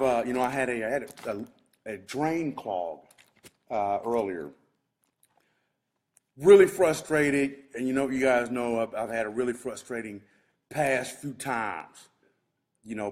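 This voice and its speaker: A married man, ranting in a rambling, agitated way to his live viewers from inside his shop. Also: medium pitch. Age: adult, married with kids. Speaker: vlogger talking to live viewers. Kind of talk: casual live-stream rant.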